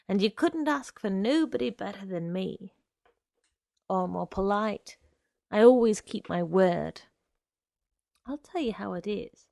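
A sinister young suitor, put on by a woman narrator, drawling his threats in a slow, coaxing voice. The tone is gravelly and close. The sound is dry, with no room around it. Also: mid-range voice, dark tone, no room sound. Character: sinister smooth-talking young man, menacing suitor.

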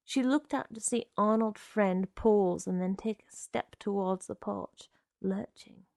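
Slow, gravelly woman reading fiction. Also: no room sound, clean studio sound. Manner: measured, low-key, hushed. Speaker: narrator.

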